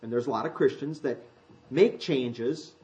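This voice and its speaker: A man preaching a sermon in a conversational way, walking listeners through slides, then rising high and loud when he acts out quoted speech. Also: a little slow. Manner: conversational, explains slides to the congregation.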